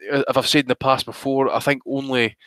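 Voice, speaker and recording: A male co-host giving opinionated boxing takes, repeating himself and filling gaps with ums. His pitch is ordinary, and the sound is dry and close. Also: little pitch movement, a little fast, a bit bright, clean tone, dry recording. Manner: opinionated, rambling with fillers. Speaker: podcast co-host. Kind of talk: casual boxing chat.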